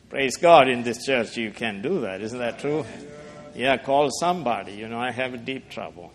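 A man preaching a sermon in a church, impassioned, swinging from hushed asides to soaring lines and asking the congregation questions. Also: mid-range voice, unhurried, big-room sound, slight background noise. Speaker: pastor.

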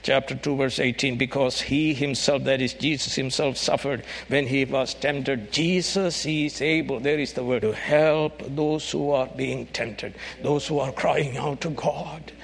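A man preaching a sermon, emphatic and rising to shouts on key phrases. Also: medium pitch, fairly even intonation, measured pace, gravelly, few pauses, breathy edge.

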